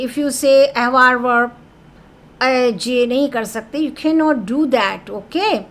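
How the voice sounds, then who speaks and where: High-voiced woman teaching French. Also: fairly bright tone. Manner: explains patiently, asks "okay?" often; reads French phrases then translates them to English. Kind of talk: classroom grammar lesson.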